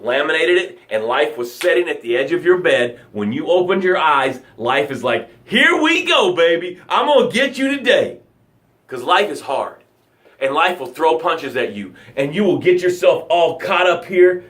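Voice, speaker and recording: A man coaching on a live motivational broadcast, telling vivid stories with repeated phrases, and swinging from loud outbursts to hushed words. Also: on the high side, a little slow.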